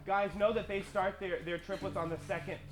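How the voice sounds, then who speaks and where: A man conducting a youth orchestra rehearsal, counting beats, singing parts and giving brisk, joking instructions. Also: high voice, steady tone, over loud music. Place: concert stage with orchestra. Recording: roomy stage, orchestra nearby.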